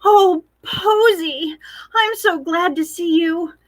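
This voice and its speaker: A woman's voice: extremely high pitch, takes it slowly, no room sound, pitched above the performer's own voice. A woman doing a whimpering, trapped storybook cow. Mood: pleading. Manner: pleading, whimpering. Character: frightened female cow stuck in a fence.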